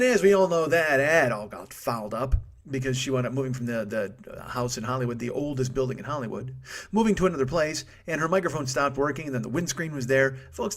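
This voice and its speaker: A man in his forties hosting a comedy podcast, rambling through a profane monologue, cutting himself off and laughing at his own jokes. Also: mid-range voice. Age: 40s. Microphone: studio microphone.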